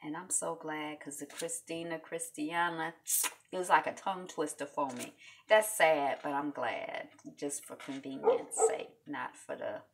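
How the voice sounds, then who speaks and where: A woman hosting a casual video recap of a reality show, chatty and animated, with many fillers. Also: low voice, measured pace, background noise.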